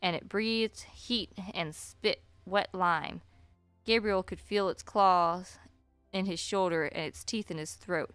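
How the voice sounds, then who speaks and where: A woman streamer reading a story aloud at a slow, deliberate pace, with chatty asides. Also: on the low side, steady tone, a bit bright, smooth, no room sound, faint music behind.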